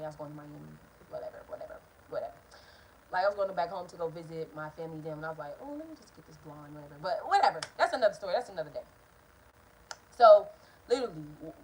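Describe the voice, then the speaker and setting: A young woman telling a story to her viewers, animated and profane, talking straight to the camera. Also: mid-range voice, a little hiss or hum, rough recording. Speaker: vlogger. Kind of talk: casual storytime vlog.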